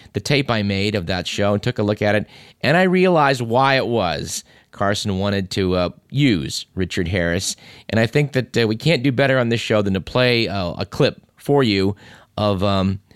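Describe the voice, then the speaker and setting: A man hosts a show in a relaxed, unscripted monologue, pausing often to find his words. His voice sits fairly low. The sound is dry and close, with no room echo. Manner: halting, with many filler pauses. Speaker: radio show host. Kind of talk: casual on-air monologue.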